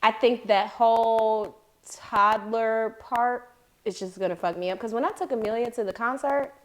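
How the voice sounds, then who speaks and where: A young adult woman co-hosting a podcast, telling stories in casual chat with loud acted-out quotes and free swearing. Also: fairly high pitch, normal speed. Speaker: podcast co-host.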